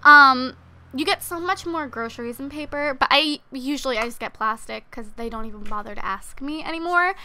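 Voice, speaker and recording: This is a young woman hosting a let's play of a life-sim game. She talks casually and chattily, full of fillers, in a high, bright voice. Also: brisk, faint music behind. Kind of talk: casual gameplay commentary.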